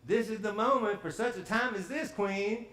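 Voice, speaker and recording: A male preacher retells a story for his congregation, lively and quick to throw questions out to the pews. His voice sits high, and it rings around a roomy church sanctuary. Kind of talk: storytelling sermon.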